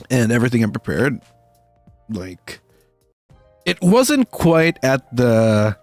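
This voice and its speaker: A young man chatting casually with his stream viewers as a dinosaur-boy streamer persona, affectionate and rambling, often breaking into high, delighted shouts. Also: no echo.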